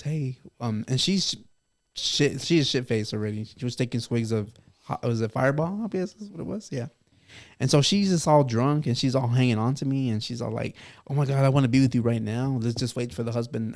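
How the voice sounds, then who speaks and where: Guy on a podcast telling a wild story, keeps laughing, does everyone's lines, middle-of-the-road voice. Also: mid-range voice. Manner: animated, laughs through the telling, acts out dialogue. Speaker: podcast guest. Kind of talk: casual storytelling.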